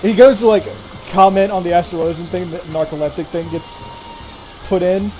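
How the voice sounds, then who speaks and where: A man running a tabletop game as game master, narrating and voicing characters in quick turns. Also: high voice, steady tone, mellow, rough recording. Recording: music playing behind.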